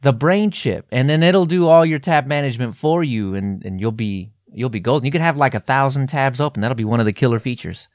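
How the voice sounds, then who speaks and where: An American man with a faint Texan lilt, joking dryly on a casual podcast. His pitch is mid-range and the sound is dry and close. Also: a little fast, hardly any pauses, darkish tone, no echo. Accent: American, hint of Texan. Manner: joking, wry. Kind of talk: casual chat.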